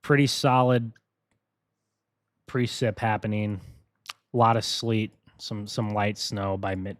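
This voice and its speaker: Man, low voice, casual, excitable, live weather stream host, dry close sound. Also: slow pace, pauses often, no echo. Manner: casual, excitable, talks to chat viewers.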